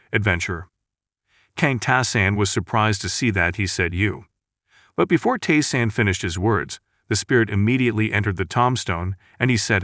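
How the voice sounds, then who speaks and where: Man narrating a comic recap, lowish. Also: dry recording, studio quality. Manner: flat storytelling, repetitive phrasing.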